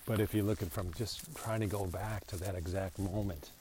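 A man's voice: deep voice, fairly even intonation, moderate pace. A man hosting a casual podcast while walking his dog outdoors, talking in a chatty, meandering way full of restarts. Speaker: podcast host. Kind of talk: casual rambling monologue. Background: pool pump noise.

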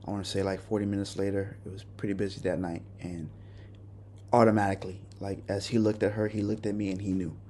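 Guy hosting a podcast, deeper voice, stops and restarts a lot, sounds really sorry. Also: little pitch movement, a little mellow, slight background noise. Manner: halting, restarts, raw and remorseful. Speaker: podcast host. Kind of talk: personal confession monologue.

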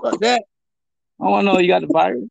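A man with a gravelly, fairly high voice, talking casually and profanely on a podcast. He laughs often and slips into Spanish. The recording is dry and a little dull. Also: fast, no echo. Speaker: podcast co-host. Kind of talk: casual chat.

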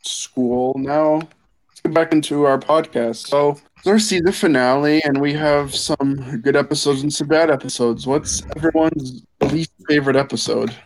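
A man's voice: a little high, steady tone, rough recording. A teenage boy hosting a casual group podcast, leading the chat and often repeating words as he goes. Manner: halting, repeats words while leading the talk. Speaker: podcast host.

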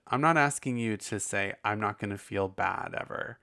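Podcast host, male, lowish gravelly voice, rambling and profane, casual chat. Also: moderate pace, hardly any pauses, pushed and bright.

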